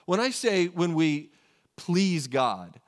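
A man's voice: on the high side, big pitch swings, slow. A man preaching a sermon in a conversational way, often asking rhetorical questions and correcting himself. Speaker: pastor.

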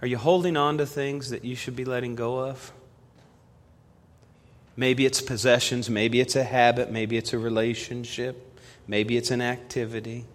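A man delivers a sermon from the pulpit, his mid-pitched voice carrying through a church hall with a long reverb tail. He tells stories in a storyteller's rhythm, pushing hard on key lines and then dropping to a near hush for his appeals. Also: steady tone, normal speed. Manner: storytelling preacher, swings from loud emphasis to hushed appeal. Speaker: pastor. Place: church sanctuary.

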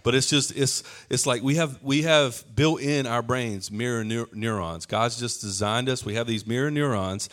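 Male preacher of middle pitch, chatty and down to earth, giving a sermon with playful acted-out asides. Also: fairly bright tone.

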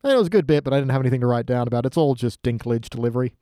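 A man's voice: medium pitch, lively intonation, rapid-fire, warm tone, no room sound, clean studio sound. A man co-hosting a podcast, chatting casually and joking, often acting out quoted lines in silly voices. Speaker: podcast co-host. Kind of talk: casual chat.

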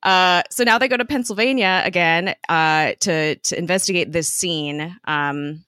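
A woman's voice: on the low side, measured pace, sharp tone, clear, resonant tone, dry recording, studio quality. A woman co-hosting a podcast, casually recapping a TV episode, chatty with lots of fillers and laughs. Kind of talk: casual chat.

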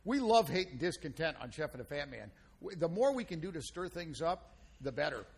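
A man's voice: a little high, big pitch swings, fairly quick, gravelly, slightly rough. A man, hosting a casual radio food show and telling folksy stories with playful banter.

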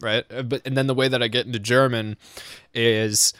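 A man's voice: medium pitch, fairly even intonation, moderate pace, fairly bright tone, dry recording, clean studio sound. A man hosting a casual podcast, talking in a rambling, self-deprecating way with many restarts. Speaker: podcast host. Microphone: home podcast microphone.

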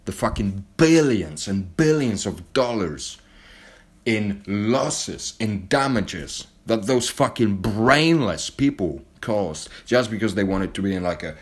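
A man's voice: on the low side, expressive, slow pace. A man delivering an angry, heavily profane monologue straight to camera, blunt and heated.

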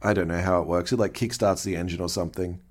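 A man with a somewhat low voice talks through a story as a podcast co-host. His delivery is relaxed and plain, with dry asides. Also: fast. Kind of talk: casual chat recapping a TV episode.

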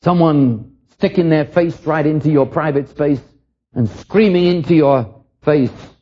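A man's voice: a little high, a little slow, slightly rough, dull audio. An older man from England preaching a sermon, earnest and reflective, often repeating a word as he starts a line.

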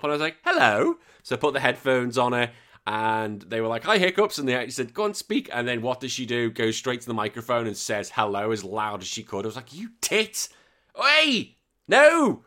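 Male podcast host, bright forceful voice, loose and sweary, rambling casual chat. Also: mid-range voice, little pitch movement, a little fast. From United Kingdom. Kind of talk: casual chat reading listener comments.

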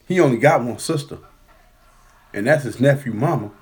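A man hosting a podcast, telling a story in casual chat and acting out the quotes in a loud, high voice. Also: expressive, normal speed, long pauses. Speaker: podcast host.

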